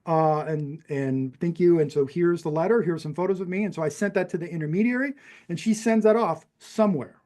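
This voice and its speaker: This fairly high-pitched, slightly mellow male voice moves a little fast. He's a man in his fifties from New Mexico, USA, with a general American accent, a podcast guest rambling through a personal story with plenty of fillers and restarts.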